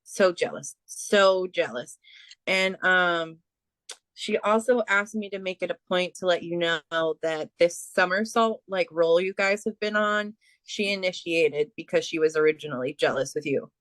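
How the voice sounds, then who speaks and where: A woman serving as a spiritual medium, relaying messages in a gentle, earnest, reassuring way. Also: fairly low pitch, moderate pace, no echo. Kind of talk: spiritual reading conversation.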